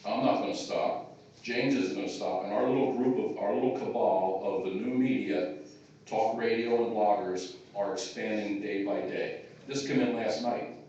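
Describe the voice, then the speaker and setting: Low-voiced man speaking from far off. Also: normal speed, warm tone, dull audio, a little hiss or hum. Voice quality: rambling, with many filler words. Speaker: chairman of a taxpayers' group giving a speech. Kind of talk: informal speech to a live gathering. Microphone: phone in the audience. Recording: echoey hall captured from far off on a phone.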